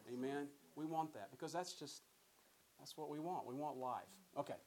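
A man's voice: a little high, moderate pace, darkish tone, slight background noise, low-quality recording. A man teaching a Bible study in a conversational way, often repeating words and putting questions to his listeners. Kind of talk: sermon-style Bible teaching.

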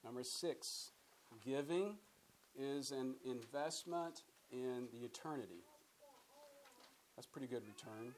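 A man's voice: medium pitch, slow pace, long pauses, poor audio. A man teaching a Bible study in a conversational way, often repeating words and putting questions to his listeners. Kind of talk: sermon-style Bible teaching.

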